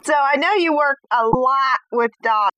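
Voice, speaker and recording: A chatty, giggly woman hosting a casual radio interview. Her voice is high and bright, with a tense, forward edge. The sound is close and dry, with no room around it. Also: unhurried, no echo, muffled recording. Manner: chatty and giggly, animated about her dogs.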